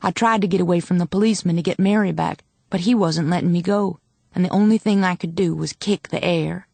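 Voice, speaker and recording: A woman reads an audiobook with a measured, dramatic first-person delivery. Her voice sits on the low side and the recording is close and dry, with no room sound. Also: creaky, darkish tone, no echo. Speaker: audiobook narrator. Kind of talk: scripted audiobook narration.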